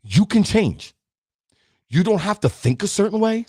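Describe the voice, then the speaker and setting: Middle-aged male podcast host, emphatic motivational talker, slightly raspy, dry booth. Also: sits high, sing-song, measured pace, warm tone, no echo. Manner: preachy, emphatic, addresses listeners directly. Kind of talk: motivational talk.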